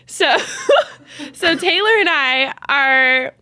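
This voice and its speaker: A young woman with a high, bright voice chats on a podcast, laughing easily as she tells a story. Her delivery is lively and giggly, in a relaxed, casual tone. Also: drawn-out words. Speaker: podcast co-host. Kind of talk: casual chat.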